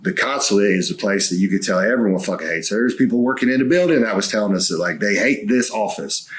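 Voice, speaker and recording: A man's voice: on the low side, expressive, quick pace. A man co-hosting a podcast, telling a long story in casual chat and swearing freely. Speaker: co-host.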